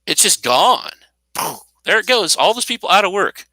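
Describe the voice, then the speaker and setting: A man's voice: high-pitched, expressive, moderate pace, bright, forceful tone, no room sound, rough recording. A man in his fifties giving an unscripted, indignant monologue, sarcastic and rambling, with frequent restarts. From United States. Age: 50s. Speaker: commentator.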